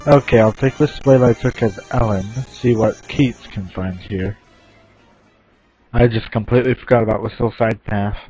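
A man's voice: fairly low pitch, moderate pace, warm tone, dull audio, faint music behind. A man doing casual game commentary, reading the on-screen game text aloud between offhand asides at his computer. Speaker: let's play gamer.

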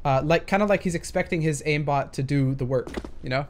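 A man's voice: a little high, brisk, slight background noise. A young man casually commenting on gameplay footage, thinking aloud and hesitating with many fillers. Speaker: gaming commentator.

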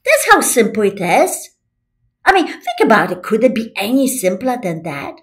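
Lively high-voiced woman, slow and swooping. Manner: lively, repetitive, swoops between soft and excited. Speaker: self-help video host. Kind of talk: casual motivational talk.

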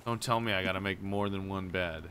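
A man with a low voice chats casually while playing a co-op game. His replies are easygoing and relaxed. Faint game ambience sits behind him. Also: a little fast, slight background noise. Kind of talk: casual co-op gaming chat.

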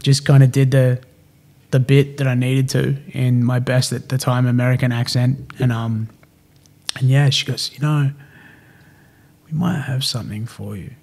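A man's voice: mid-range voice, normal speed, vocal fry. Chatty Australian man telling stories. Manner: animated, slangy, acts out quoted dialogue. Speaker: podcast guest. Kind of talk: casual storytelling.

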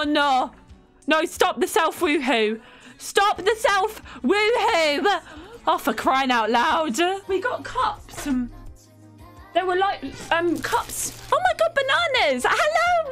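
Excitable woman streamer, lively high voice. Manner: excitable, laughs often, dramatic outbursts. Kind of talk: casual live-stream gameplay commentary.

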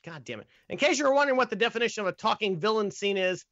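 A man's voice: high-pitched, rapid-fire, a bit bright, no echo, highs cut off. A man hosting a casual comedic movie review podcast, reading scripted jokes with stumbles and laughs. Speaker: podcast host.

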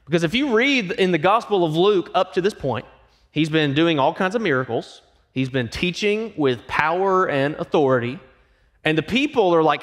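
A man preaching a sermon in a higher, very lively voice that swings from bright, quick-fire questions to quiet, weighty emphasis. He acts out quoted voices and asks the congregation direct questions. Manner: animated preaching that drops to hushed, emphatic lines. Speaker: pastor.

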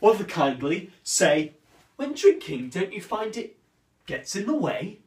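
A man performs a boastful, quick-witted swordsman who mocks his rival in grand theatrical verse. The voice sits fairly high and leaps all over, and the lines come slow and deliberate. It sounds set back from the mic in a roomy, echoing space. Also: sing-song, a little mellow. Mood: mocking. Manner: declamatory, mocking, sweeping swings of voice. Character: proud witty swordsman mocking a rival, man. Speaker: stage actor performing a monologue. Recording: roomy echo, distant from the mic.

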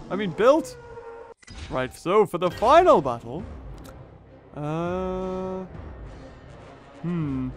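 Soft music plays behind a young man hosting a gaming channel as he commentates slowly on a mobile game. His voice is high and sing-song with long pauses, and he reasons through every move out loud, exclaiming whenever a big hit lands.

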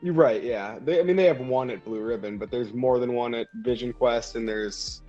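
Laid-back Minnesotan man, mid-pitched, slightly muffled audio with faint music. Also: moderate pace, warm tone. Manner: easygoing, laughs often. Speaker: podcast co-host. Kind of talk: casual chat. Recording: slightly dull, music behind.

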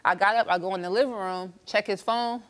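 Speaking fairly fast in a mid-range voice, a female talk show guest relives a relationship argument for the studio audience. She tells it with lively energy, playing out both sides of the quarrel.

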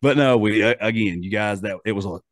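A man's voice: on the low side, brisk, dry recording. A man with an Appalachian accent hosting a podcast in casual, rambling chat full of fillers and restarts. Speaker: podcast host.

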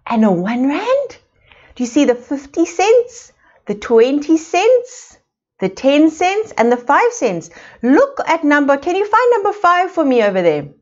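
A woman from South Africa leads a playschool class over a video call. Her voice is high and swoops up and down as she asks slow, sing-song questions. The sound is a little dull and lo-fi. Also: sing-song. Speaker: preschool teacher. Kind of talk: online preschool lesson.

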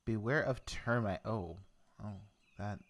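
A man's voice: lowish voice, takes it slowly. A young man giving casual let's play commentary, rambling and muttering to himself as he works through a game's crafting menu. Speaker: gameplay commentator.

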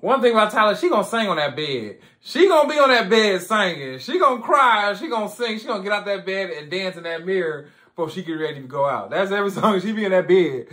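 A man hosting his own music reaction video, chatting casually and excitedly, repeating phrases and laughing often. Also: high-pitched, quick pace, hardly any pauses. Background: music playing.

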